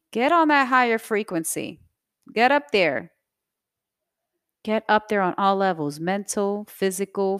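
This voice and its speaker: A woman in her thirties hosting her own podcast, talking in an earnest, motivational way with soft breathy asides. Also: fairly low pitch, no echo, studio quality. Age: 30s. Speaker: podcast host. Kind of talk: reflective solo podcast talk.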